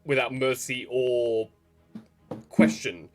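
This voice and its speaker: A man's voice: mid-range voice, slow pace, loud music behind the voice. A man chatting casually as a player at a tabletop role-play, laughing often and talking animatedly. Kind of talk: casual chat at a tabletop game.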